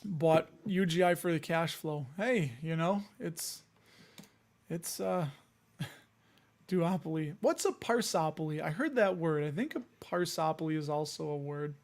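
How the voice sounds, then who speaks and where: A man's voice: on the high side, measured pace. A man hosting a casual investing livestream, running through news with jokey asides. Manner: chatty, jokey asides while reading news items. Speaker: host of a dividend investing show.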